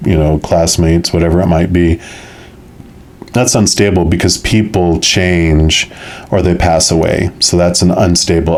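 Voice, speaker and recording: A man giving a weekly tarot reading to viewers, musing in a soft, loose way with lots of filler phrases. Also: low-pitched. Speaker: tarot reader.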